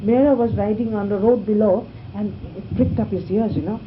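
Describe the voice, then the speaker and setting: An older woman recalling a story from her past in a lively way, growing louder and more excited as she tells it. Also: mid-range voice, brisk. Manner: lively, grows excited and loud when recalling the scare. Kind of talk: reminiscing anecdote. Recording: muffled, noisy archive recording.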